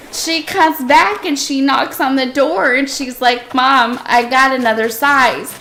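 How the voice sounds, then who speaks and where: A middle-aged woman streaming a game, telling a funny story in a casual, animated way and often laughing. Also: high voice. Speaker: live streamer. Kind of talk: casual storytelling while gaming.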